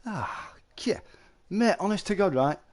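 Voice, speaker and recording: On a live stream, a middle-aged man with a high voice and lively intonation chats with viewers at a measured pace. He's a chatty storyteller who calls his listeners "mate."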